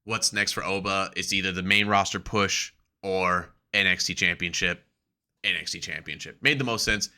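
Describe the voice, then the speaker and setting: A man co-hosting a casual wrestling podcast, talking excitedly with plenty of swearing. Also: sits low, moderate pace, clean tone. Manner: excitable, profane, acts out quotes. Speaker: podcast co-host.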